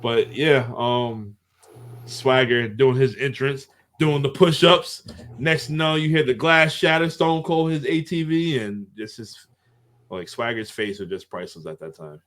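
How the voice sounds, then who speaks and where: A man of ordinary pitch hosts a casual podcast, walking his co-hosts through an old wrestling match. His recap rambles from one detail to the next. He chuckles as he goes. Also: unhurried, a bit bright. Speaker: podcast host.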